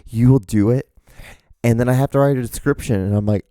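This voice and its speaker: Rambling, mellow-voiced man hosting a podcast. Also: medium pitch, a little fast, clear, resonant tone, no echo, studio quality. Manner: rambling, profane, self-mocking. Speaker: podcast host. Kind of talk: casual solo podcast chat. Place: indoors, rain outside. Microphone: microphone, host wearing earphones.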